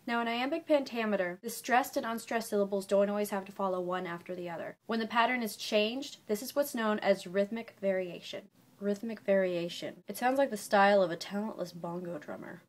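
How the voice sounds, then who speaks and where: A woman's voice: mid-range voice, brisk, few pauses. A young woman vlogging casually from her bedroom, explaining poetry with playful, self-mocking asides. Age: young adult. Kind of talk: casual educational vlog.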